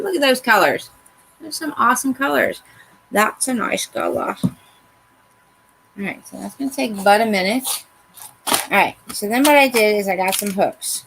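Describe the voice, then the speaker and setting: Woman craft host, chatty and self-mocking, a gravelly edge, mid-range voice. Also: medium pitch, expressive, measured pace, pauses often, background noise. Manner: chatty, talks to herself while working, self-mocking. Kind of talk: casual how-to talk while working.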